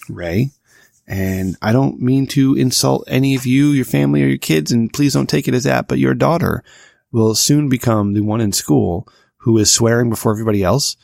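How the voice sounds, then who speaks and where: A man's voice: mid-range voice, vocal fry, a little mellow, no echo, studio quality. A man in his thirties co-hosting a podcast, crude and joking, telling stories with acted-out quotes. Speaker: podcast co-host. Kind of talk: casual comedic chat.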